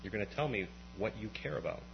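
A man preaching a conversational sermon at an evening church meeting, swinging from quiet explanation to impassioned, rising outbursts. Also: fairly low pitch, animated, fast, vocal fry. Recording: dull lo-fi recording with faint mains hum.

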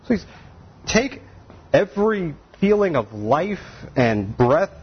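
Husky preacher man, lo-fi. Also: on the high side, slow pace. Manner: animated, conversational preaching with asides and laughs. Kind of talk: sermon.

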